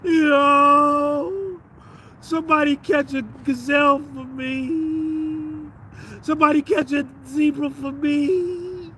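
A man's voice: very high-pitched, steady tone, takes it slowly, pushed and bright, a little hiss or hum, voice pushed up, heavily acted. A man voicing a big but weak male lion that begs others to catch food for him, in desperate pleading calls. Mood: begging.

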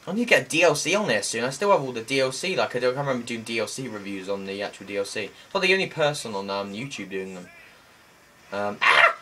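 Young man, let's play commentary, excitable, husky edge. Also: medium pitch, brisk. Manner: hyper, excitable, exclamations and sound effects. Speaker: gameplay commentator.

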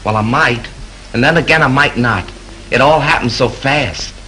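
A man's voice: medium pitch, normal speed, sharp tone, a little hiss or hum, close to an everyday voice, low-quality recording. An actor playing a chatty, slangy male hotel bellhop recounting a fight in a 1930s film. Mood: gossipy. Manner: slangy, gossipy storytelling. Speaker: night bellhop.

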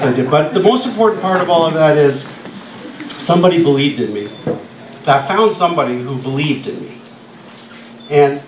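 An older man stands in a music club telling an animated story, often laughing as he acts out quoted voices. His voice sits a little high for a man and carries a soft hiss beneath. It sounds roomy and off-mic, caught from a distance across the venue. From Canada. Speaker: guest speaker telling a story. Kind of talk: storytelling speech at an event. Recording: echoey club from far off.

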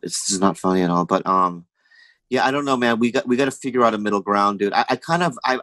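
A man's voice: lowish voice, sharp tone, dry recording, low-quality recording. A man guesting on a podcast, chatting casually and rambling through stories with lots of fillers, acting out other people's voices along the way. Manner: rambling storytelling with many fillers. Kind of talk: casual chat.

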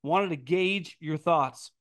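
A man talking into a podcast mic with a fairly high voice for a man, blunt and emphatic as he answers listener questions. He stammers and restarts often as he builds his points. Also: takes it slowly, no room sound, studio quality. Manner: frequent restarts and stammered repeats. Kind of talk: casual opinionated commentary.

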